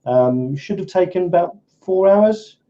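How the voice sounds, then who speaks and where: A man from England, a guest on a livestream video call, talking quickly with hesitant restarts. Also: high-pitched, animated, warm tone. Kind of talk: casual chat. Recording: dull lo-fi video call audio.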